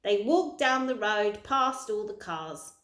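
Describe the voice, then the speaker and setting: A woman's voice: mid-range voice, takes it slowly. A woman who works with young children, reading a chapter book aloud expressively, in a roomy-sounding recording. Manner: expressive storytelling. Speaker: early years practitioner reading a story. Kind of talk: children's audiobook read-aloud. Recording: roomy echo.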